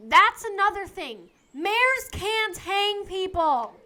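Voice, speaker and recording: Woman voicing a dry practical assistant, high bright voice, slow delivery, fan dub. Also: very animated, exaggerated voice. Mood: deadpan. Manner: dry, matter-of-fact.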